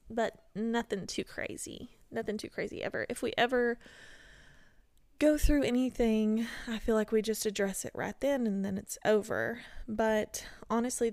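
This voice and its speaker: A woman's voice: medium pitch, creaky, a little mellow, no room sound. A young woman hosting a podcast, speaking in a heartfelt, rambling and self-deprecating way, her voice worn and tired. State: tired voice, barely able to talk. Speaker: podcast host. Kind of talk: emotional solo podcast talk.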